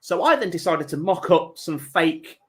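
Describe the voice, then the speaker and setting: A man's voice: a little high, lively intonation, moderate pace. A man hosting a charity livestream, telling a long prank story with chuckles and rambling asides. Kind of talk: casual chat, telling an anecdote.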